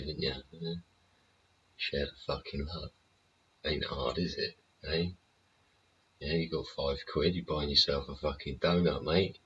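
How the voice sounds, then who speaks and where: A man's voice: extremely low pitch, fairly bright tone, slight background noise. A man hosting his show in a casual, rambling rant, swearing freely and tossing in tag questions. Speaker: show host. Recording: dull lo-fi recording.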